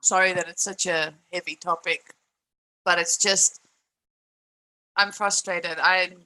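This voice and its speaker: A woman's voice: fairly low pitch, fairly even intonation, takes it slowly, sharp tone, low-quality recording. A young woman streaming live, ranting in a frustrated, emphatic way, swearing and repeating her points while greeting chat.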